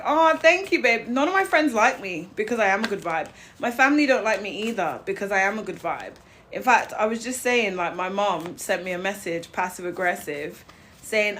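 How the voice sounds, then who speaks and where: A woman's voice: medium pitch, fairly bright tone. Young woman, live-stream tarot host, blunt and chatty, laughs easily, faint noise underneath. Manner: blunt and chatty, greets viewers, laughs often. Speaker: livestream tarot reader. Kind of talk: casual live-stream chat.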